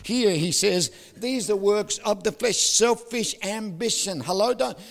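An older man, preaching a sermon with jokes, stories and sudden loud outbursts. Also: sits high, a little slow, creaky. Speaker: pastor. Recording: hall reverb.

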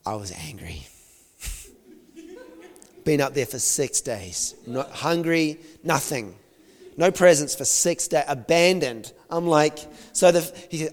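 A male preacher tells a personal story in an animated sermon, dropping to near-whispers and then rising to loud exclamations. His voice carries the long reverb of a large hall. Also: lowish voice, unhurried, long pauses.

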